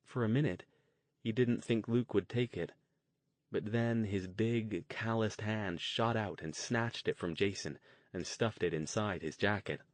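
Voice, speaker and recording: Low-voiced male audiobook narrator. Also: a little slow, no echo. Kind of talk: scripted narration.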